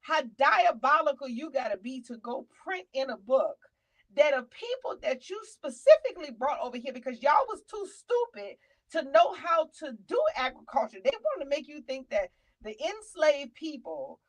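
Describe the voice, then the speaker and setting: A middle-aged woman hosts a casual talk show in a high voice. She talks with animated, preachy energy and now and then shouts out names. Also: moderate pace, rough recording. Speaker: show host.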